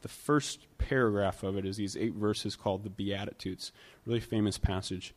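A man's voice: fairly low pitch, steady tone, moderate pace. A man preaching a conversational sermon in a church, with rhetorical questions that build emphasis. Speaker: pastor.

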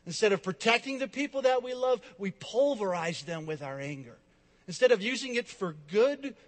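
A man preaching a sermon with dynamic delivery, rising to loud emphasis and dropping to soft, hushed lines. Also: sits high, big-room sound. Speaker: pastor.

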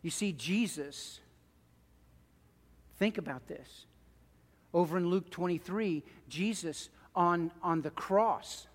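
A man preaching a sermon in a church, telling stories in an animated, emphatic way. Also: sits high, slow pace, long pauses, in a large hall. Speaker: pastor. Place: church sanctuary.

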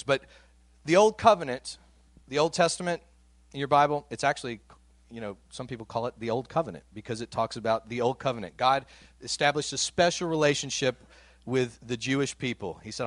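A man's voice: mid-range voice, no room sound. Conversational male pastor preaching. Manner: conversational preaching, reads scripture with voiced quotes, chuckles. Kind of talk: sermon.

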